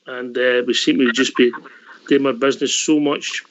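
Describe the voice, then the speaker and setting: A man hosting a call-in radio show, brisk and matey as he steers the talk. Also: mid-range voice, steady tone. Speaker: host. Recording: slightly dull lo-fi audio.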